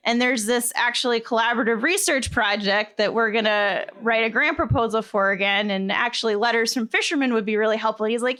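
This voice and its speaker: A woman in her thirties telling a personal story on stage, animated and quick to laugh as she quotes the people in it. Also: a little high, clear, resonant tone.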